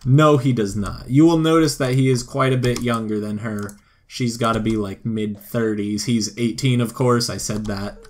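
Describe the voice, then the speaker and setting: This let's play features a young male commentator whose mid-range voice stays steady at a moderate pace. He talks to the life-sim characters on screen in a playful, sarcastic way.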